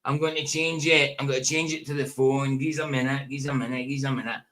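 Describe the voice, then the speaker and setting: A man's voice: medium pitch, fairly even intonation, fast talker, sharp tone. A man chatting casually to viewers as host of a live stream, repeating his friendly greetings. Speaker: livestream host.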